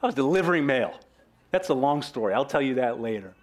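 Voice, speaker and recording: A young man preaching a sermon in an earnest, animated way, with sudden swings in pitch and pace. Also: quick pace. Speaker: pastor.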